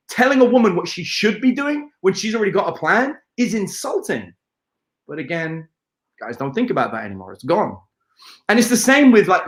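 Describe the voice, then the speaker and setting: A British man speaking with a noticeably high voice tells lively stories as a dating coach. He is playful and profane, and he jumps into scenes to act them out. His voice bounces around an echoey room. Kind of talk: animated interview storytelling.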